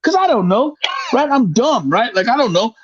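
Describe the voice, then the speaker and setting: Animated profane storyteller, lively pitch. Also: male voice, normal speed, muffled recording, a little hiss or hum. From grew up in the projects. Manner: animated, profane, acts out voices. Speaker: podcast host. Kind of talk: casual storytelling.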